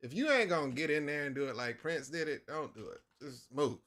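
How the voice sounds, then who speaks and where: A man's voice: fairly high pitch, fairly quick. A middle-aged man hosting a live comic-drawing stream, chatting casually and acting out his own outbursts as he tells stories. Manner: animated storyteller, acts out his own outbursts. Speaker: livestream host drawing a comic. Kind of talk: casual chat while working.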